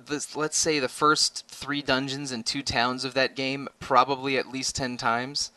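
A man's voice: medium pitch, level tone, measured pace, bright, forceful tone, no room sound. A man co-hosting a casual podcast chat, talkative with frequent stammered restarts. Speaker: podcast co-host.

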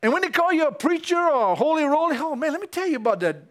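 A male preacher, giving an animated sermon in church that climbs to excited peaks. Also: extremely high pitch, racing.

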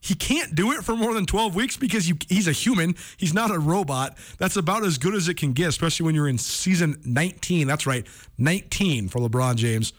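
An energetic man hosting a sports talk radio show. His voice sits a little high, and he talks in a loose, conversational way. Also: brisk.

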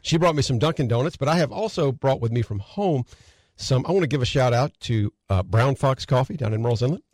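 A man's voice: medium pitch, fast, no echo. A man hosting a radio talk show from a studio in a folksy, repetitive, upbeat manner. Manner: folksy, repetitive, energetic welcome.

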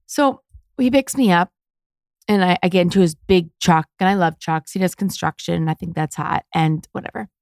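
A woman's voice: lowish voice, moderate pace, creaky, no echo, studio quality. A woman hosting a podcast, telling dating stories in a candid, chatty way and acting out both sides of conversations. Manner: chatty, candid, animated with quoted voices. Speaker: podcast host. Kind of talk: casual storytelling monologue.

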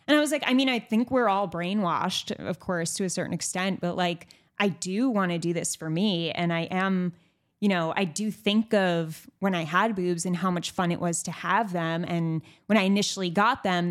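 A young woman hosting a podcast, chatting candidly and frankly, with lots of fillers and some swearing. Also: mid-range voice. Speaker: podcast host. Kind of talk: candid casual chat.

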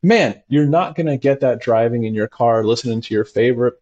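A man, a doctor as interview guest, talking expressively and acting out his patients' voices with big jumps in pitch. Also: brisk, few pauses, a little mellow, highs cut off. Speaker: integrative medicine doctor, guest. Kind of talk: animated conversational interview.

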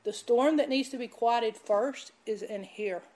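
High-voiced woman preaching. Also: measured pace. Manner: animated, emphatic, laughs while telling stories. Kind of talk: sermon with storytelling.

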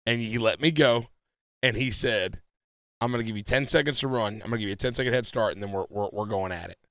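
A man co-hosting a casual podcast, telling animated stories and acting out quoted lines. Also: fairly low pitch, fast, no room sound. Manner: animated storytelling, acts out quotes. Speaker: podcast co-host. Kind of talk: casual chat.

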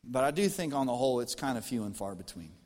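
An American man preaching a sermon as pastor, talking to the congregation in a lively, conversational way with jokes. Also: medium pitch, fast talker. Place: church auditorium. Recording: long reverb from a church hall.

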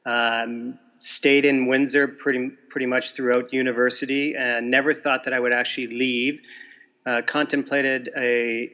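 A man's voice: medium pitch, pushed and bright, dull audio. A Canadian man of fifty, a teacher, chatting easily as a podcast guest with some ums and restarts. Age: 50s. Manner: easygoing, hesitant with fillers. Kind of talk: relaxed interview chat.

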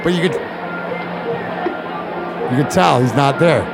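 A man, a former hockey player, telling rough locker-room stories in casual chat, swearing and laughing often. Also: medium pitch, a little slow, loud music behind the voice, over a noisy crowd. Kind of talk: casual storytelling.

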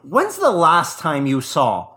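A man's voice: fairly high pitch, huge pitch swings, takes it slowly, sharp tone. A man co-hosting a podcast in casual chat, joking and laughing often. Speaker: podcast co-host.

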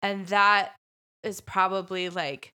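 A woman co-hosting a film podcast, recapping scenes in a blunt, lively way. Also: mid-range voice, slow, clear, resonant tone. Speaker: podcast co-host. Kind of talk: casual film review chat.

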